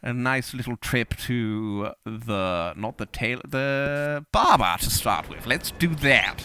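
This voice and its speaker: A man's voice: mid-range voice, expressive, slow, bright, forceful tone, a little hiss or hum. A man hosting comedic gameplay commentary in a theatrical, pompous manner. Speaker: gaming host in character. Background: game music and sounds.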